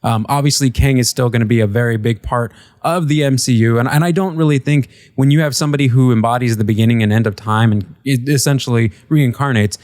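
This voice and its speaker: A man in a casual panel chat, thoughtful and halting, with many fillers. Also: medium pitch, darkish tone, no echo. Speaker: co-host.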